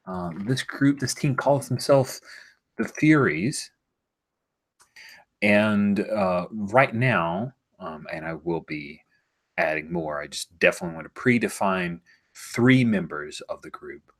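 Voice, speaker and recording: A man running a tabletop role-playing game, explaining the setting in an animated way and sometimes dropping to a hushed whisper. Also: low-pitched, slow pace. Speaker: game master.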